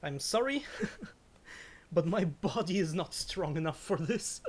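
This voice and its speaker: A woman's voice: on the low side, lively intonation, takes it slowly, husky. A woman chatting casually on a live game stream, giggling often, stumbling over her words and swearing when startled. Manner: giggly, stammers and restarts often. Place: at home.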